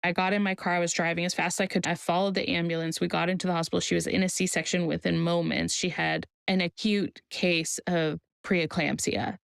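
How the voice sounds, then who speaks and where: A woman who works in maternity care, talking in a podcast interview and telling stories in a measured, deliberate way. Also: fairly low pitch, vocal fry, dry recording. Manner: measured storyteller, slow deliberate phrasing. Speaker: guest, maternity care provider.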